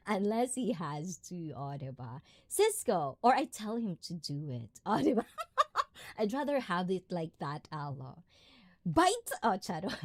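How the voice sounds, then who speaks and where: A woman's voice: medium pitch, darkish tone. A woman hosting a casual live stream, greeting viewers and reading their comments in a chatty, giggly way. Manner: chatty and giggly, often trailing into laughter. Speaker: livestream host.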